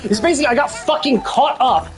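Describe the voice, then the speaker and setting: A woman's voice: high voice, quick pace. A woman streamer giving live gameplay commentary, swearing often as she rants about the game in exasperation. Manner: profane, exasperated ranting.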